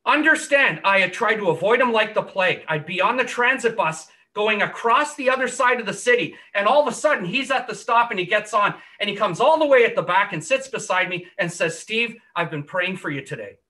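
Man, testimony preacher: high, bright, earnest storyteller. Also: animated, fairly quick, few pauses, distant mic. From Canada. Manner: earnest storytelling, drops quieter and lower for quoted words. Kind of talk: gospel testimony.

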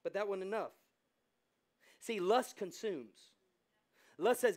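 A male pastor with an American accent preaching a sermon, swinging between quiet asides and loud, fervent exclamations and acting out quoted voices. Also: high-pitched, a little slow, long pauses.

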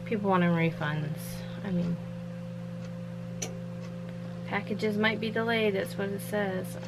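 A woman's voice: medium pitch, fairly even intonation, moderate pace, loud music behind the voice, poor audio. A woman chatting casually from home in a rambling vlog, laughing often. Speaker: vlogger running a shirt business.

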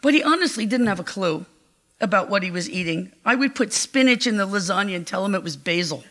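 An older woman giving a heartfelt, measured eulogy at a memorial gathering. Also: mid-range voice, animated, a bit bright. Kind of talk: memorial tribute speech.

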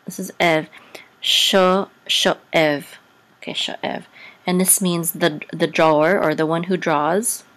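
A woman teaching a Hebrew reading lesson, sounding out syllables slowly, often pausing, correcting herself, and singing the cantillation marks higher. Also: steady tone, a bit bright. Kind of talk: casual Torah reading lesson.

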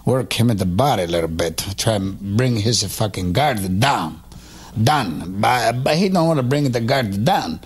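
An actor playing a brash, foul-mouthed boxer with an Italian accent in a comedy radio sketch. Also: male voice, on the low side, slightly rough. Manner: swears constantly, brash and mocking. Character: crude Italian boxer, loud, insulting, boastful.

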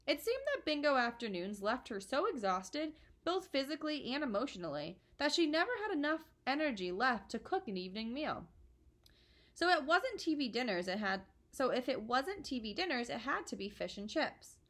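A woman reading a children's book aloud to her listeners in a warm, expressive way. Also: sits high, moderate pace. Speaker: storyteller.

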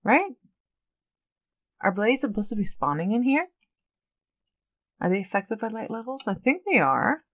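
A woman's voice: on the high side, big pitch swings, unhurried, long pauses, rough recording. A woman giving casual gameplay commentary, chatty and nervous, often questioning herself aloud. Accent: Long Island put-on at times. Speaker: let's play gamer.

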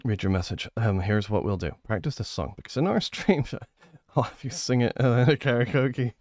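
A young man talks to his stream in a giggly, flustered way, shaky from adrenaline and slipping between bratty teasing and pleading. His voice sits at a middling pitch. It is recorded close up in a dry room. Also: normal speed, darkish tone, no room sound. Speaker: livestreamer. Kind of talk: casual live-stream chat.

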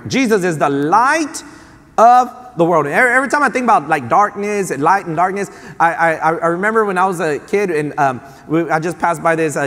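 Male pastor in his thirties, animated storytelling sermon with lots of restarts, a fairly high voice, long church reverb. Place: church sanctuary.

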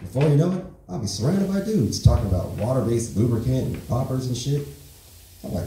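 Brash Texan man, crude stand-up, lively pitch, dark voice, echoey club from far off. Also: a little fast, a little hiss or hum. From Texas. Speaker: stand-up comedian. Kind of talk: stand-up set. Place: comedy club stage.

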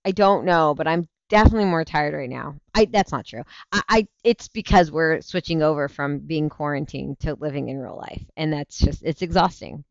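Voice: medium pitch, normal speed, creaky, few pauses, no echo. A worn-out parent chats loosely with a livestream audience, drifting from topic to topic and cutting off their own sentences. The sound is dry and a little dull, like lo-fi stream audio. Laughs come easily between the restarts. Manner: rambling, chatty, self-interrupting, laughs easily. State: tired, yawning. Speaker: livestream show host; parent of young kids. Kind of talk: casual livestream chat answering viewer comments.

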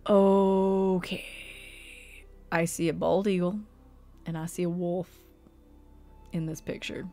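A woman's voice: fairly low pitch, little pitch movement, slow, warm tone, soft background music. A woman streamer giving live commentary on house listings, mock-outraged and exasperated. She swears, laughs often and fires off rhetorical questions. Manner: reacting aloud, asking rhetorical questions.

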